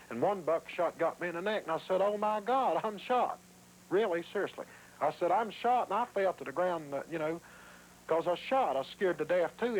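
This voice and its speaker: A man's voice: a little high, slight background noise, poor audio. Man retelling a violent night. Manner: vivid retelling, acting out quoted voices. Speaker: interviewee. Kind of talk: documentary interview storytelling.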